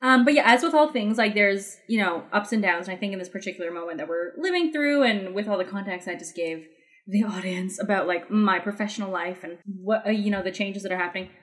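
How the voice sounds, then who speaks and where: A young woman talks quickly and loosely on a podcast, full of fillers and restarts. Her pitch sits in a middle range, and her thoughts tumble out one after another. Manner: rambling with many fillers and restarts. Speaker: podcast guest. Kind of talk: casual chat.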